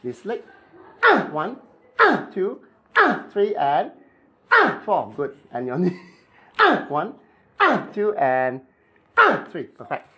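A chiropractic therapist with a Malaysian English accent, instructing a client in clipped, playful phrases during treatment and mimicking cracking sounds. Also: male voice, a little high, sing-song, drawn-out words, long pauses, slightly rough, highs cut off.

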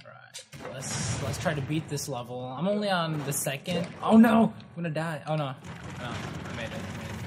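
A man giving casual, rambling commentary over his gameplay, with frequent excited exclamations. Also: medium pitch. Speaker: gaming channel host.

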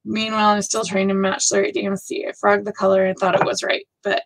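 A woman's voice: mid-range voice, level tone, fast talker, vocal fry, hardly any pauses, a little hiss or hum, rough recording. A woman hosting a casual live stream, thinking aloud and gushing with frequent exclamations. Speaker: host of a live stitching show.

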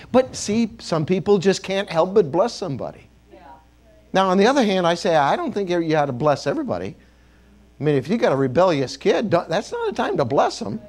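A man's voice: high voice, big pitch swings, a little fast, a little mellow. A man preaching a sermon as a bishop in a church, joking and calling on the congregation to repeat words after him.

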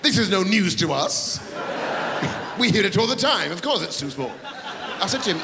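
A man doing live stand-up comedy, teasing the audience and bursting into shouts. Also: sits high, animated, normal speed, vocal fry, long pauses, noisy background. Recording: live theatre recording, long reverb, loud crowd.

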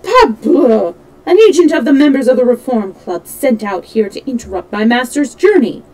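A woman doing an excitable French manservant. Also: fairly high pitch, moderate pace, pitched above the performer's own voice, natural voice, rough recording. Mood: emphatic. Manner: indignant, exclaiming.

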